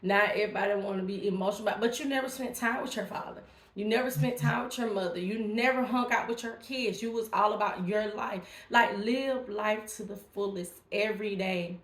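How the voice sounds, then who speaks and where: A woman's voice: mid-range voice, a little fast, roomy sound. A woman vlogger talking casually and emphatically to her viewers, encouraging them. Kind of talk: casual direct-to-camera talk.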